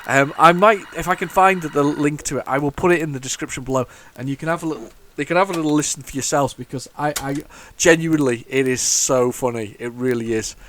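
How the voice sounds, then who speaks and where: His voice is a little high with a fairly bright tone, and he talks fairly quickly with hardly any pauses against slight background noise. This retro gaming YouTuber chats casually while playing old computer games, rambling and tripping over his words with many restarts.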